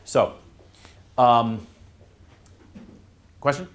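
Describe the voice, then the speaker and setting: A man, a priest, teaching students in a classroom in a casual, halting way, with many fillers and restarts. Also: mid-range voice. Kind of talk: informal classroom talk.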